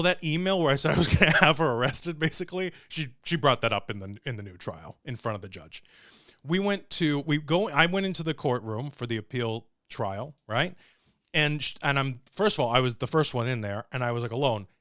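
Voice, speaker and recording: A man's voice: mid-range voice, clear, resonant tone, no room sound, clean studio sound. A man hosting a livestream and telling a story with jokes, swearing and acted-out voices. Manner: animated, profane, joking. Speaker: show host.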